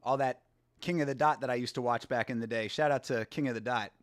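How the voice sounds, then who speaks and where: A man in his thirties hosting a casual watch-along, excitable, slangy and laughing often. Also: mid-range voice, quick pace. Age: 30s. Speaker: host.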